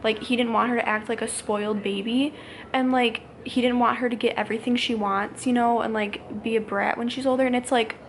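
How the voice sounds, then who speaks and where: Young mom vlogger in her twenties, fast and rambling, with a light, highish voice and faint background noise. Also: steady tone. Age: 20s. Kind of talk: casual ranting vlog to camera.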